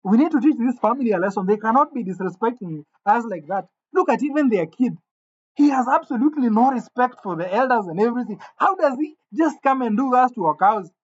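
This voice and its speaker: A man voicing an indignant village farmer's wife who scolds in a rapid, outraged rush. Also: extremely high pitch, expressive. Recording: dull lo-fi sound.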